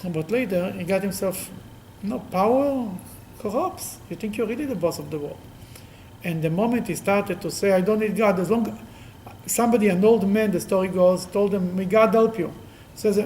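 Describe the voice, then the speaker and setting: A man teaching a Talmud class as a rabbi, explaining lively and acting out the quotes he discusses, with frequent restarts. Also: sits high, fairly quick, gravelly, a little hiss or hum, rough recording.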